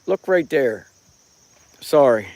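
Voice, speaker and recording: A middle-aged paranormal watcher chats on a live stream outdoors at night from rural land, phone in hand, rambling folksily and greeting viewers by name. His mid-range voice is slow and darkish with lively intonation, and there's a little hiss or hum.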